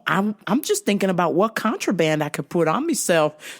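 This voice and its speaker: A woman's voice: on the low side, lively intonation, normal speed, hardly any pauses. A woman hosting her own show, telling a story casually, laughing often and acting out what people said. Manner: laughs often, acts out quotes. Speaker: podcast host.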